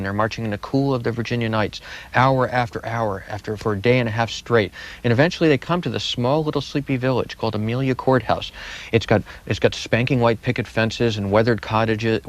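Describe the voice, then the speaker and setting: A man answering interview questions as a guest historian, telling history with vivid, dramatic repetition. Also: mid-range voice.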